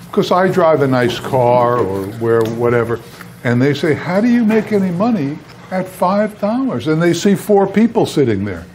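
A man's voice: mid-range voice, darkish tone, a little hiss or hum. A man teaching an ice cream class, telling a story in an earnest and emphatic way, repeating points for effect. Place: seminar kitchen.

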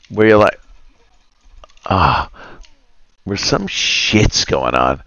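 A man's voice: deep voice, sing-song, extremely slow, long pauses, a bit bright, dry recording, dull audio. A man streaming a video game, grumbling and cursing in a casual rant with muttered asides. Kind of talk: casual rant while gaming.

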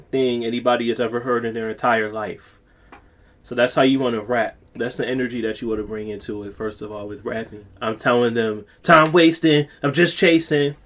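A man, a music producer, giving a casual, rambling studio tutorial as he walks through his own vocal takes. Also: mid-range voice. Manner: rambling, chatty explaining.

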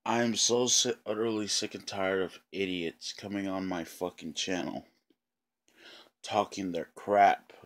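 A man with a somewhat low voice delivers an angry vlog rant to his channel's viewers. He swears constantly, circles back to the same points, and often pauses to clear his throat. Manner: profane, repetitive, frequent throat-clearing. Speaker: channel owner.

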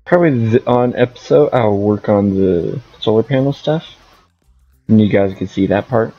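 A man's voice: lowish voice, moderate pace, muffled recording, soft background music. A man giving casual gameplay commentary as a streamer, rambling and thinking aloud. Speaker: gaming streamer.

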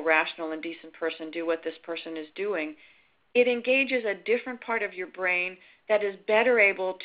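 A middle-aged woman lectures calmly in a webinar, explaining step by step and sometimes voicing sample lines. Her voice sits at an ordinary pitch. The audio is dull and lo-fi. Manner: calm, explanatory, acts out sample dialogue. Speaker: risk management speaker.

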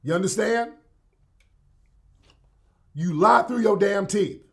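Heated, confrontational man. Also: high voice. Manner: heated, confrontational, repetitive addressing. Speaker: show host. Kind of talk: monologue to an online audience.

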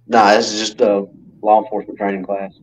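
A man's voice: lowish voice, flat delivery, brisk, poor audio. A middle-aged man chatting casually, rambling a bit with fillers, heard over a call. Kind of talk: casual chat.

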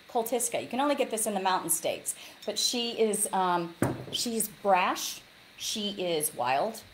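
A woman with a somewhat low voice tells stories with energy, slipping into the voices of the people she quotes. She speaks from a log cabin lodge over a video call. A faint hiss sits under her voice. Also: rough recording. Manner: animated storyteller, acts out quotes. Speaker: author guest. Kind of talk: casual interview chat.

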